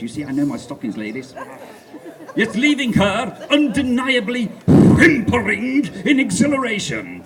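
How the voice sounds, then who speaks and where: Pompous man with a lively voice. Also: high-pitched. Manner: pompous, mock-grand, bawdy. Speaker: storyteller. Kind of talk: comic story reading on stage. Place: festival stage.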